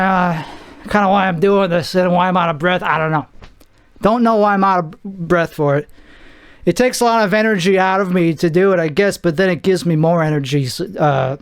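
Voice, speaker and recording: A young man hosting a solo podcast, rambling and self-deprecating with halting restarts, out of breath. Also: high voice. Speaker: podcast host. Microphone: camera mic.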